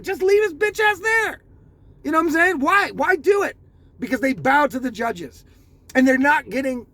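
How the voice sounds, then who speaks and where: A man with a very high, gravelly voice rants about politics in a heated, profane way. He circles back to the same points again and again. He sounds like a vlogger talking straight to his viewers. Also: fairly bright tone. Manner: heated, profane, repeats himself. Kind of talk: ranting political commentary.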